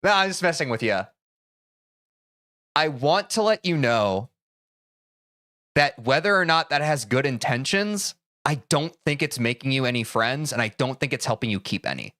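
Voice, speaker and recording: A young man streaming live, heated and swearing as he talks to his chat about boundaries, then calming into careful apologies. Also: medium pitch, moderate pace, no echo, clean studio sound. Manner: heated, swears a lot, switches to calm apologies.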